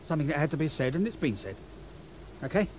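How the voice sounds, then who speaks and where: An actor playing a defensive chief steward in a radio play, arguing with a sailor. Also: male voice, fairly high pitch, very animated, fast talker, darkish tone, a little hiss or hum. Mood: evasive. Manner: defensive, accusing. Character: edgy, defensive male ship's chief steward.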